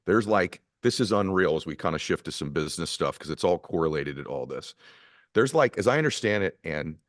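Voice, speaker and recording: A male interview host reacting with quiet affirmations, then reflecting on the story. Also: deep voice, lively intonation, fairly quick, dry recording, studio quality.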